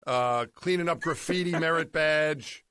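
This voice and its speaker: A man's voice: a little high, measured pace, bright, forceful tone, clean tone, no room sound. A man from New York City, a co-host telling rambling anecdotes in casual chat, laughing often. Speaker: podcast co-host.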